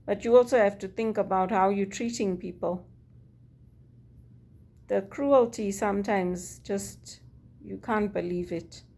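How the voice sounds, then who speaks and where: A woman's voice: mid-range voice, a little mellow. A woman from Zimbabwe, speaking in a personal monologue, earnest and weary as she recounts her experiences and quotes others. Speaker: vlogger.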